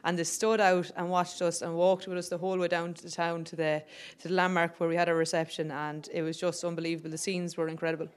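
An Irish woman talks about her team in a radio interview, modest and quick to laugh. Her voice sounds smooth and clean. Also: on the low side, level tone. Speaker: guest, footballer.

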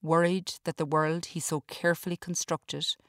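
Low, even woman reading a story. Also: normal speed, no room sound, clean studio sound. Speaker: author reading her story. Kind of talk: scripted storytelling narration.

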